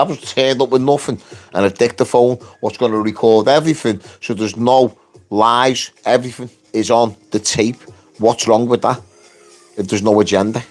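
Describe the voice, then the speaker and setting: A loud, blunt man tells a work story in casual, cursing speech. His voice sits at an ordinary middle pitch and leaps up whenever he mimics the people involved. Faint music plays softly behind him. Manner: animated, jumps pitch to act out quotes. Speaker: construction worker telling his story.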